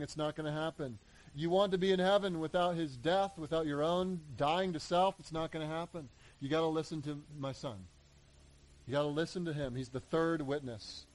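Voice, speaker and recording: A man preaching a sermon, animated, acting out voices in the story and building to emphatic peaks. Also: a little high, poor audio. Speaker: pastor.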